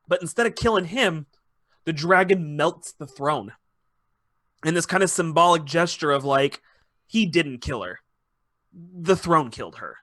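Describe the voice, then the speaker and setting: A man hosting a podcast, recapping a show in a casual, profane, animated way and slipping into quick mock voices. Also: fairly high pitch, no echo. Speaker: podcast host.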